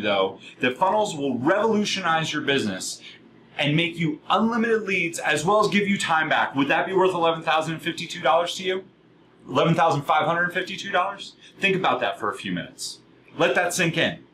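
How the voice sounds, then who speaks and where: A middle-aged man giving a passionate, fast-talking sales workshop, firing questions at a live audience in a room. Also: fairly high pitch, big pitch swings, bright, forceful tone, a little hiss or hum, rough recording.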